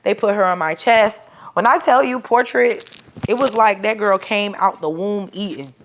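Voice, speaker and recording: A young woman tells a personal story in a loose, casual way, swearing freely and acting out others' lines with bursts of volume. Her pitch sits in a middle range, and she drops to a quiet, tender tone when she is moved. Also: moderate pace, slight background noise. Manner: animated, profane, acts out quoted voices loudly; grows soft and quiet when emotional. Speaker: mother telling her birth story.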